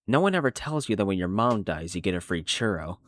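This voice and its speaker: A man voicing a cynical, washed-up middle-aged male horse in a fan dub of an animated series, talking in a sardonic, rambling, self-deprecating way. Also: low-pitched, a little fast, no room sound. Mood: bitter.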